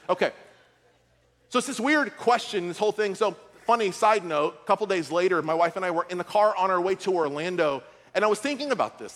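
High-voiced pastor in a reverberant hall. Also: male voice, brisk, a bit bright. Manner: storytelling with comic asides. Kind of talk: sermon.

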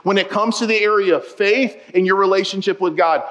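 A man with a notably high voice preaching in a church auditorium, with the long reverb of a big hall behind every line. He tells personal stories with humor and turns to the congregation often, keeping things lively and direct. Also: fairly quick. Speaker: pastor. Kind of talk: sermon with humorous storytelling.

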